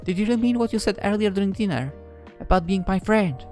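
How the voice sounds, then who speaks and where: A man voicing a reserved, shy young woman in a story reading, speaking in a soft, hesitant, questioning way. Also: sits high, animated, quick pace, faint music behind, voice pushed up. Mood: unsure. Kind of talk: audio drama reading.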